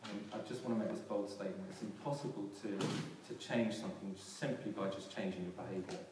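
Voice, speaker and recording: A male pastor with a lowish voice preaches fast in a large church hall, earnestly restarting and repeating phrases and rising for emphasis. The recording sounds echoey and distant, with faint noise.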